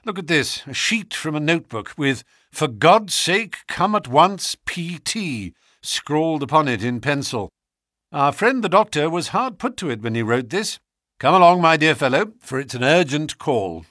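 A man reading an audiobook, voicing a confident, wry detective who speaks in a measured, precise way. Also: a little high, sing-song, fairly bright tone, dry recording, studio quality, pitched above the performer's own voice. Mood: assured. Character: calm, sharp male detective, confident and wry.

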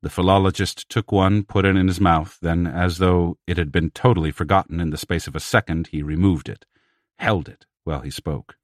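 Male audiobook narrator, deep voice, dead-dry close recording, measured read. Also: steady tone, no room sound. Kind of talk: scripted narration.

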